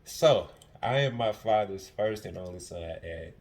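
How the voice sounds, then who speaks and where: A young man with a somewhat low voice hosts a casual podcast from home. He talks in a passionate, profane monologue, often circling back and repeating himself as he makes his point. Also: measured pace, gravelly, darkish tone, slight background noise. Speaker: podcast host.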